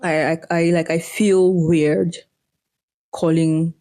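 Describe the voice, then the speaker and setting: A woman's voice: deep voice, slow. Laughing Nigerian woman telling stories. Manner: laughing, animated storyteller who acts out quotes. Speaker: podcast co-host. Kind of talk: casual chat.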